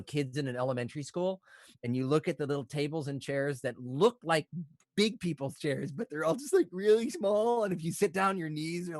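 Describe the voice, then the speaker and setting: A man's voice: on the high side, dry recording. A man narrating as dungeon master, casual and rambling with many fillers. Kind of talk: narrating a tabletop game.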